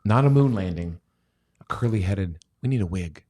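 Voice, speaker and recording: A man's voice: sits low, animated, normal speed, warm tone. A man hosting a casual stock livestream, rambling and joking, sometimes dropping to near-whispers. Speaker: stock show host; chemist.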